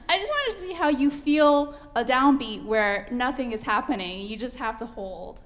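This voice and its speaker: A woman's voice: a little high, animated, moderate pace. A woman teaching a piano masterclass, coaching a student and singing rhythms aloud as she counts.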